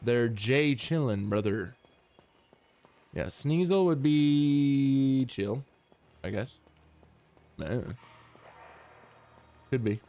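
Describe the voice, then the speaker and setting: A young man streaming a game, chatting casually and jokily, now and then yelping high or humming silly tunes. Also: expressive, extremely slow, pauses often, mellow, no echo. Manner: laid-back, jokey, breaks into high yelps and silly humming. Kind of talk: casual gameplay commentary. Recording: faint music in the background.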